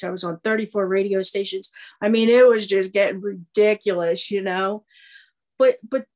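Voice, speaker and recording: A woman's voice: mid-range voice, a little mellow, poor audio. A middle-aged woman speaking at a recovery meeting, telling her story in a loose, conversational way full of fillers and restarts. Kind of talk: personal testimony storytelling.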